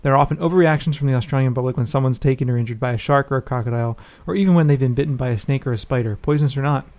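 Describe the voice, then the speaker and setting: Fast-talking male podcast host. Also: medium pitch, darkish tone. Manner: quick, informal, reads listener emails. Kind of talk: casual podcast chat.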